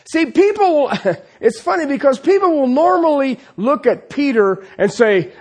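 Here the sermon comes at a measured pace from a very high, darkish-toned male voice. Animated storytelling is punctuated by rhetorical questions and frequent "okay?" check-ins with the congregation.

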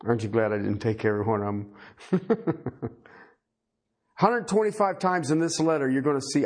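A man's voice: very animated, moderate pace, pauses often. A man preaching a sermon who rises on the scripture he reads and keeps asking his listeners questions. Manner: rises loud and high on scripture, asks the crowd questions.

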